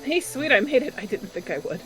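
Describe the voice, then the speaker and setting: A woman's voice: sits high, expressive, quick pace, over music, rough recording. Laid-back female co-streamer. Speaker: co-streamer guest. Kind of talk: casual chat while gaming.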